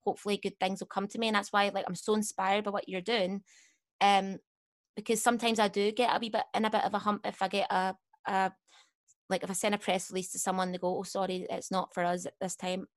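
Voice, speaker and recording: A woman's voice: medium pitch, level tone, a little fast. A young Scottish woman chatting candidly as a podcast guest, rambling and correcting herself as she goes. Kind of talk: casual chat.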